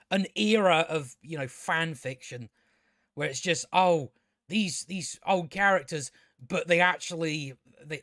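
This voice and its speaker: A man's voice: fairly high pitch, a bit bright, dry recording, studio quality. A man reviewing a TV show in a casual rant, blunt, scornful and full of swearing.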